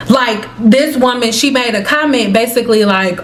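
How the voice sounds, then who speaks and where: A woman's voice: a little high, moderate pace. A young woman hair stylist talking straight to camera in a blunt, confrontational, sassy way. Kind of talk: casual direct-to-camera rant.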